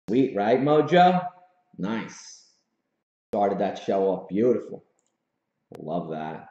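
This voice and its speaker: A man's voice: lowish voice, sing-song, extremely slow, pauses often, dark tone. A man hosting a casual livestream from his home office, hyped and slangy, often laughing. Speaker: host. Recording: roomy, slightly dull room sound.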